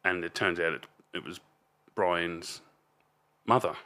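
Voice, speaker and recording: Casting note: Australian man, 50s, low voice, rambling podcast guest with blunt swearing. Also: slow pace, bright, forceful tone. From Melbourne, Australia. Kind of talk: casual storytelling.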